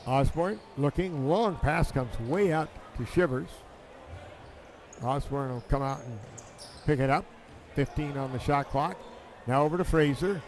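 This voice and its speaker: Excitable basketball play-by-play man, noisy feed. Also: a little high. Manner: excitable, calls plays in quick bursts. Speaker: play-by-play announcer. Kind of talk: live basketball commentary.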